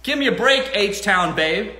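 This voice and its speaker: A man's voice: sits high, lively intonation, a little slow, bright, forceful tone. A man hosting a casual live Q&A, talking bluntly and swearing freely. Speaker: host. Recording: roomy echo.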